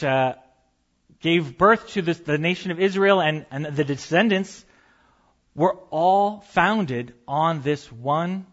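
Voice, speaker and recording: Man preaching, slightly high voice. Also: fairly bright tone, highs cut off. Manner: conversational and storytelling, with light humor. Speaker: pastor. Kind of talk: sermon.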